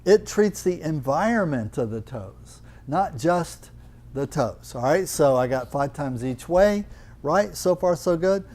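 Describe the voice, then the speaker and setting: A man's voice: fairly high pitch, lively intonation, a little slow, darkish tone. Chatty older male yoga teacher. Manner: chatty, teasing, explains with questions. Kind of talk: live classroom instruction. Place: teaching room with students.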